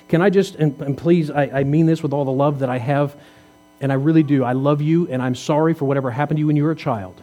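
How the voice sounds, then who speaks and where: A man's voice: fairly high pitch, fairly even intonation, fast talker, mellow. A man in his fifties, a pastor preaching a sermon in a conversational way, asking rhetorical questions and teasing the congregation. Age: 50s. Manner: jokes and teases the congregation.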